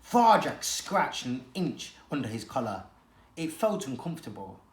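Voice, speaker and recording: Expressive storyteller reading aloud. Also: mid-range voice, a little slow. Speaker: teacher. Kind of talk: reading a children's novel aloud. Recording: echoey room.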